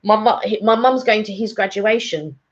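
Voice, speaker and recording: A woman chats on a live stream at a middling pitch, wandering from thought to thought with plenty of ums and restarts. The audio is dull and lo-fi, like a stream captured through a basic setup. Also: normal speed. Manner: chatty, rambling with frequent fillers. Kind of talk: casual live-stream chat.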